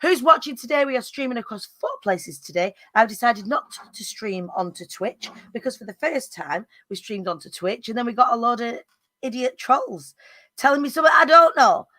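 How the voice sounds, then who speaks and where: Husky, hoarse woman, cheeky live-stream host, forceful bright tone. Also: fairly high pitch, lively intonation, normal speed, no room sound. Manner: chatty, cheeky, greets viewers by name. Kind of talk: upbeat live-stream chat.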